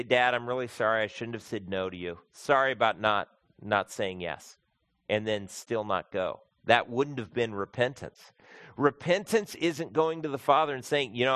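A male pastor preaching a sermon, emphatic, swinging from loud peaks to quiet, low passages. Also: dry recording. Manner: emphatic, rising to loud peaks then dropping soft.

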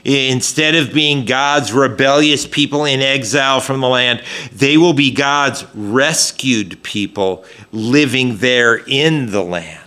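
A man's voice: mid-range voice, slow, hardly any pauses, sharp tone. A man preaching a sermon in a conversational way, with frequent fillers and restarts as he explains scripture. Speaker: pastor.

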